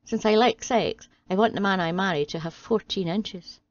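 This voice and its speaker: A woman doing a cool, demanding young secretary, low voice, dry, slightly muffled. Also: fast talker, a little mellow, no room sound, lightly acted. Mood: cold. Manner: cold, demanding.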